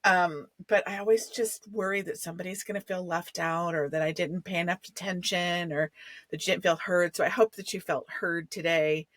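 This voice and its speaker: A woman's voice: fairly low pitch, fairly even intonation, normal speed, a bit bright, no room sound. A middle-aged woman hosting a conversational interview, chatty and effusive. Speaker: podcast host.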